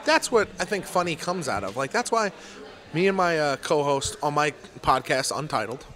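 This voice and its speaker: A man hosting a casual comedy podcast, swearing freely and talking in quick, animated asides. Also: fairly high pitch. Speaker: podcast host.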